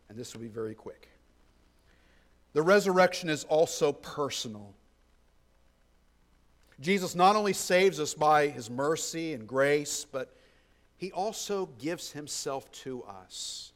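A man preaching a sermon as pastor, moving between loud emphasis and hushed tones and repeating key phrases. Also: a little high, animated, a little slow, long pauses.

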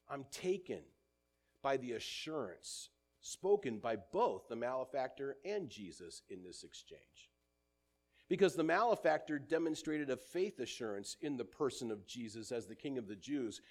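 A man delivers a sermon in an earnest, measured way, quoting scripture in older English and letting his voice sink at phrase endings. His pitch is medium and his tone darkish.

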